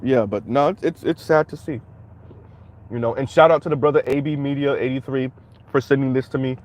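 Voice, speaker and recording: A man's voice: mid-range voice, steady tone, a little fast, a little mellow. A man hosting a commentary stream, reacting bluntly and heatedly while speaking straight to his viewers. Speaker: commentary channel host.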